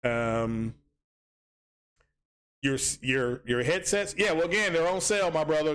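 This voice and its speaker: A man's voice: a little high, unhurried, pauses often, fairly bright tone, clear, resonant tone. A man hosting a casual gaming livestream, rambling with many ums and restarts as he reads chat aloud.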